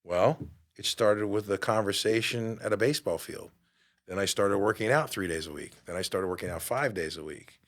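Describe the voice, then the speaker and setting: A man's voice: on the low side, moderate pace. A middle-aged man hosting a motivational podcast. He talks emphatically and a little preachy, throws rhetorical questions at the listener and swears casually. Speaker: podcast host.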